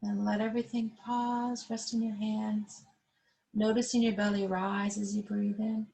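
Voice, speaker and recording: A woman yoga instructor leading a class over a webcam, giving calm, slow guided instructions. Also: mid-range voice, gravelly, rough recording.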